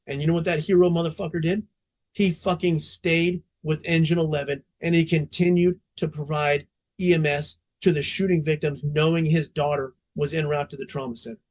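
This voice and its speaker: A man's voice: a little high, steady tone, fairly quick. A middle-aged man, a veteran of the fire department, telling a story on a podcast in a blunt, emphatic way, with plenty of cursing.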